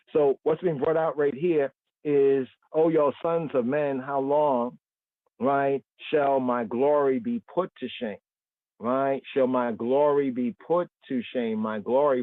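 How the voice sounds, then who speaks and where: A man teaching a Bible study on a livestream, slow and deliberate, repeating words and often checking in with "right?". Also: mid-range voice, dry recording. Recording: tinny phone-line sound, dry.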